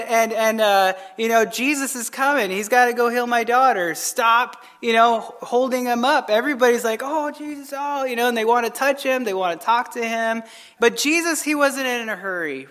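A man, a pastor, reads scripture aloud and then comments on it in a relaxed, conversational Bible study. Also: high voice. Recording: long reverb of a hall.

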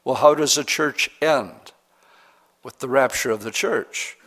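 Pastor teaching a verse-by-verse sermon. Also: male voice, medium pitch, fairly bright tone. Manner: reads scripture slowly, then talks plainly and asks the congregation questions.

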